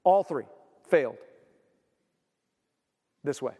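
High-voiced pastor preaching in a hall. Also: male voice, lively intonation, slow, slightly rough, dull audio. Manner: emphatic, swings from quiet to loud. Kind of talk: sermon.

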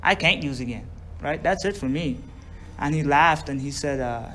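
A man's voice: a little high, moderate pace, fairly bright tone, a little hiss or hum. Profane man telling his story. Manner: profane, drawling, acts out quoted voices. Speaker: speaker sharing recovery story. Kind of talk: storytelling to a group.

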